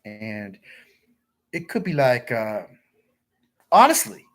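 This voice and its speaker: A man's voice: medium pitch, big pitch swings, slow, fairly bright tone. A man telling crude, rambling, repetitive stories on a livestream and reading viewer comments aloud.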